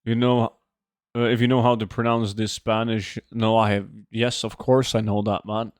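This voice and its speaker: A man's voice: fairly low pitch, little pitch movement, moderate pace, smooth, dry recording. Man chatting casually on a dry stream. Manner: rambling, joking, reads chat aloud. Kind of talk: casual livestream chat with viewers. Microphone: desk microphone.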